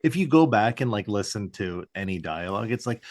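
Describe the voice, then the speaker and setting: A man co-hosting a laid-back podcast, rambling through an episode recap with constant fillers and the odd curse. His pitch swings up and down a lot as he talks, and he slips into mock voices for the characters. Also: sing-song, normal speed. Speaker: podcast co-host. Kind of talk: casual chat, recapping a TV episode.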